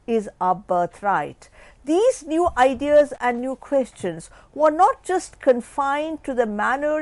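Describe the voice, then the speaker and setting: Woman lecturing, measured and dry. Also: fairly high pitch, no room sound. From India. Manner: measured, restates points, rising emphasis then dropping off. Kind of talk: academic lecture.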